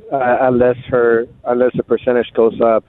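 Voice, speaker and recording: A man calling in to a radio show with a prayer request, who speaks hesitantly with many fillers and clears his throat. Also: mid-range voice, flat delivery, unhurried, a little hiss or hum. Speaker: caller. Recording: phone line.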